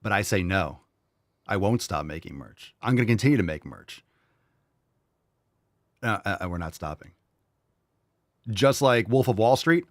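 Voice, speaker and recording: Low voiced guy on a stream swearing and mocking stuff, reading chat, dry close mic. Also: expressive, moderate pace, long pauses, no room sound. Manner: profane, mocking rant. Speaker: host. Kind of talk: livestream commentary, reading chat.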